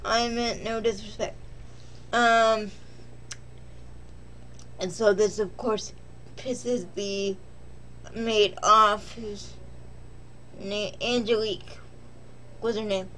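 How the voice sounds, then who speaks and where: A woman's voice: mid-range voice, steady tone, drawn-out words, pauses often, a bit bright, a little hiss or hum. A woman vlogger casually recapping a film in a rambling, joking, self-deprecating way.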